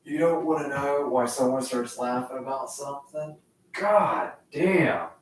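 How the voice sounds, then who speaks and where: A man rambling to himself, swearing often, laughing and swinging between loud outbursts and low muttering. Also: lively intonation, measured pace, a little hiss or hum. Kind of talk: rambling solo talk. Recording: echoey room, mic far off.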